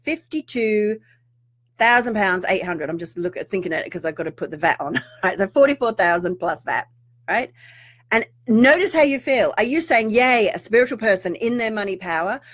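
A middle-aged woman, a spiritual teacher talking to viewers in an animated, ranting way with mock-outraged asides. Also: medium pitch, normal speed. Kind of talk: live-streamed rant to viewers.

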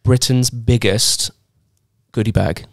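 A man's voice: mid-range voice, fairly even intonation, slow, creaky. A man hosting a casual podcast chat, jokey and chatty as he steers the conversation. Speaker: podcast host.

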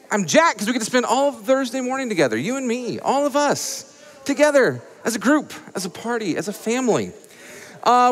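Hype emcee man. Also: high voice. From Atlanta, US. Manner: playful, showy emcee patter with big words. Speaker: marathon host. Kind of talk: hyped live event hosting. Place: live event stage before a crowd. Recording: long hall reverb.

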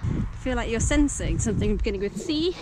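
Hoof sounds fill this noisy outdoor recording from a helmet-mounted action camera, made by a British woman riding in an arena. She speaks briskly in a voice on the high side with lively intonation, coaxing and praising her horse with plenty of laughs.

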